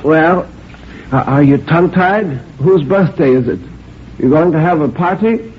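A sharp-tongued old woman on her deathbed grumbles and scolds in an old radio play, voiced by a man. The voice sits high and thin. The recording is dull and lo-fi, with a faint hiss underneath. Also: measured pace, natural voice. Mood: testy. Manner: querulous, scolding. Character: dying old woman, stubborn and tart. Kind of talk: radio drama acting.

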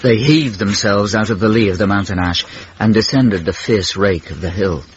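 Wry, low-voiced male narrator. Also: background noise. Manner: wry, measured storytelling. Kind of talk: radio drama narration. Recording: dull lo-fi radio broadcast.

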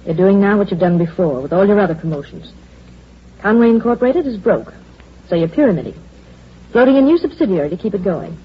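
A woman playing a sharp-tongued, bitter secretary. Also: mid-range voice, animated, brisk, slight background noise, lightly acted. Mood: sarcastic. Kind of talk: 1940s radio acting. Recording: dull lo-fi old radio recording with faint music.

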